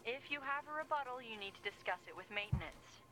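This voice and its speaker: A woman voicing a brisk female android operator who speaks in a curt, formal way over a radio filter. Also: fairly high pitch, expressive, pushed and bright, rough recording. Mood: clipped formal.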